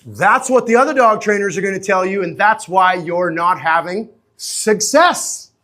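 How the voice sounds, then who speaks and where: At a moderate pace, a high-voiced man teaches dog training in a live online session. Animated and chatty, he keeps asking "okay?" and "right?" and replies to viewers' comments by name.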